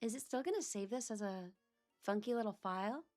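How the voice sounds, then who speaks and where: A woman's voice: medium pitch, expressive, a little fast, darkish tone, faint music behind. A woman streamer chatting casually on a livestream, talking to herself as she searches for files. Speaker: VTuber streamer.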